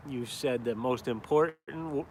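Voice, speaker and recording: This man speaks at medium pitch and normal speed, his tone on the darker side, with a little noise behind him. He's an upstate New York caricaturist and vlogger chatting on a live stream from outside in a cold town, rambling and cursing offhandedly.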